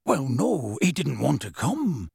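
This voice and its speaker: A man voicing a big, bearded half-giant man who speaks in rough, homely grammar, earnest and close to tears. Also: mid-range voice, big pitch swings, slow, no room sound, full character voice. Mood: earnest, pleading.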